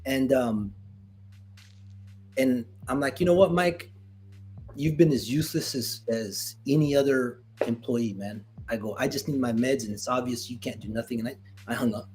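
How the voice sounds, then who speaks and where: A middle-aged man, a retired Marine veteran, telling a story in casual conversation, animated and acting out dialogue with many restarts. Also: medium pitch, normal speed, a little hiss or hum.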